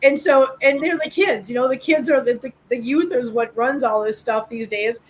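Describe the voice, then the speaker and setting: A woman's voice: a little high, moderate pace, rough recording. A middle-aged woman hosting a casual live chat, telling stories with a loose, laughing, swearing manner. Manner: chatty storyteller, laughs often, swears casually. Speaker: livestream host.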